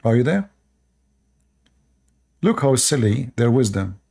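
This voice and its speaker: Man, Arabic accent, live stream host, lecturing tone, dark husky voice. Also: medium pitch, very animated, slow. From Middle East. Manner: lecturing, repeats short commands, broken grammar. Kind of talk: casual live stream monologue.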